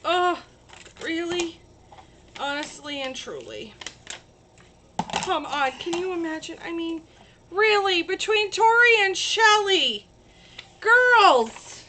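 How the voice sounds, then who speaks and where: A woman hosting a casual crafting livestream, chatty and gushing with excitement. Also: very high-pitched, slow, long pauses, background noise.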